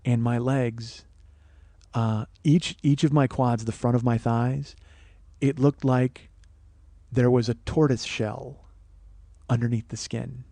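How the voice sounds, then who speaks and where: A man hosting a podcast, telling a comic personal story in a profane, animated, self-mocking way. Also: medium pitch, slow pace, creaky, pauses often, no echo. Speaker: podcast host. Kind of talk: comedic storytelling monologue.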